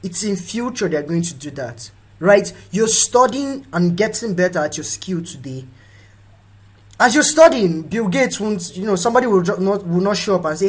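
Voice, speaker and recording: A young Nigerian man hosting a motivational live talk, animated and quick to act out the voices of people in his stories. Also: high voice, breathy edge, low-quality recording. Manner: animated, acts out quoted voices. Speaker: host.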